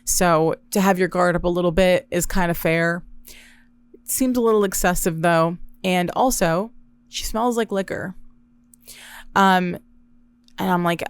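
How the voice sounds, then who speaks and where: A woman hosting a podcast alone, telling a story in a wry, profane, deadpan way. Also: lowish voice, a little slow, long pauses, clear, resonant tone, dry recording. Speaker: podcast host. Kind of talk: casual solo storytelling.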